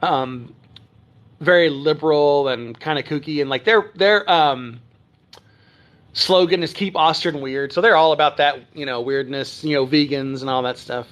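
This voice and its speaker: A middle-aged man with a somewhat high voice chats casually on a home livestream. He rambles and restarts his sentences, fills the gaps with "um" and "like", and talks straight to his viewers. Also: normal speed, a bit bright. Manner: chatty, rambling, many fillers and restarts. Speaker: livestream host. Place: home, living in Texas. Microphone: phone or webcam on a livestream.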